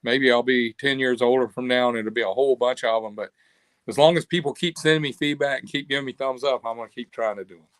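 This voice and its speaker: An older man with a drawl tells stories as an interview guest, acting out the voices of people he met with gusto. His pitch sits mid-range. The sound is dry and close, with no room around it. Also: quick pace, no echo. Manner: animated storyteller, acts out quoted voices. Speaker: interview guest, cam company owner. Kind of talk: casual interview storytelling.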